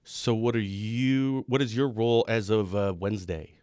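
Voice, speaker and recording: A man's voice: fairly low pitch, normal speed, darkish tone, smooth, no room sound. Brief: young male host from the midwest, joky, rambling questions, dry close sound. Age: young adult. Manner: joking, rambling questions with restarts. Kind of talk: casual live-stream interview.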